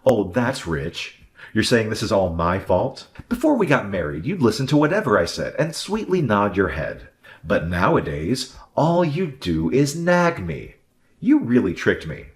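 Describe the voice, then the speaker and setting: A self-centered, condescending husband, voiced by a man. His voice sits very low but swings widely in pitch as he scolds and dismisses. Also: wildly swooping pitch, measured pace, exaggerated voice. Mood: scornful. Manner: dismissive and condescending, later whiny. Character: selfish husband, adult man, arrogant and blaming. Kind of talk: narrated drama story dialogue.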